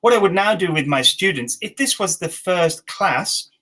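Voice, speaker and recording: A man in his forties with an English accent, leading an online teacher training session with slow, clear dictation and encouraging feedback. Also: high-pitched, lively intonation, pushed and bright, rough recording. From England. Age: 40s.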